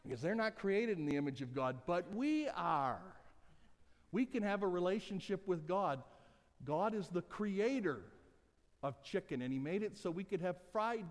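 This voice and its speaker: Pastor guy preaching, high voice, goes quiet then loud, joking around, big echoey church. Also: expressive, normal speed. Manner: preaching with swings from soft asides to loud emphatic passages; humorous, conversational. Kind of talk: sermon. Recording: long church hall reverb.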